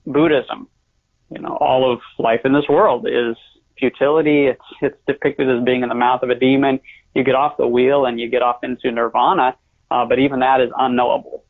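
An American man speaking earnestly and measuredly as a guest author, with hesitations and a gravelly voice. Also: mid-range voice, level tone, moderate pace. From United States. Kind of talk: conversational interview. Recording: tinny phone-line audio.

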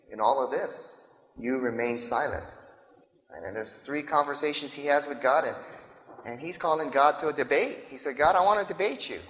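A man's voice: medium pitch, fairly bright tone. Man preaching in an echoey hall. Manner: conversational preaching, frequent "right?" asides. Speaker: pastor. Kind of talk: sermon. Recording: echoey hall with long reverb.

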